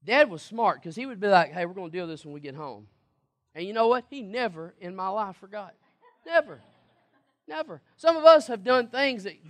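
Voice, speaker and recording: A man preaching a sermon, emphatic, repeating words and asking the congregation questions. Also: high voice. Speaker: pastor.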